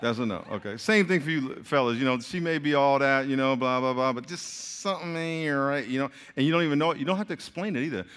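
A man preaching a sermon to a crowd in a lively, joking way, speaking straight to them. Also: mid-range voice, fast talker, hardly any pauses, clear, resonant tone. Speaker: pastor. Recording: long hall reverb.

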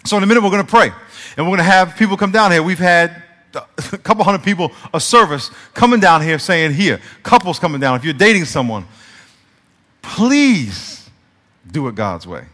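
A male pastor preaching a conversational sermon, shifting between soft, confiding passages and emphatic peaks. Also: high voice, very animated, normal speed. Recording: reverberant church hall sound.

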